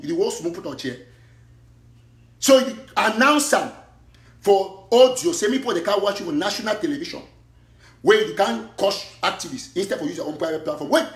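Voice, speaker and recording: A man's voice: high-pitched, fairly bright tone, echoey room. A man with a Cameroonian Pidgin English accent, giving an impassioned monologue that mixes pidgin and English in bursts. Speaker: online activist commentator. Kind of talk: fiery livestream monologue.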